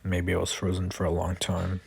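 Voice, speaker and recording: A man voicing a cold, amnesiac young male super-soldier, speaking flat and terse. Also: low-pitched, fairly quick, gravelly, husky, no room sound, exaggerated voice.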